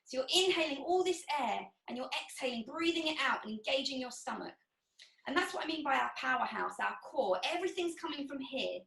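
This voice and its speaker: A woman's voice: high-pitched, animated, a little fast, gravelly, sharp tone. A woman instructor guiding a pilates class, encouraging and cueing each breath and movement. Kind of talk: guided exercise class. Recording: echoey room, distant mic.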